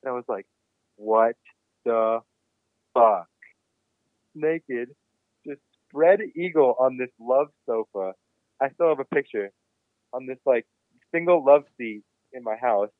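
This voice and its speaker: A man's voice: medium pitch, moderate pace, dry recording. Swearing young man on a thin line. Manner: profane, animated storyteller. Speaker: podcast guest. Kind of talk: casual storytelling. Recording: dry, phone-like remote line.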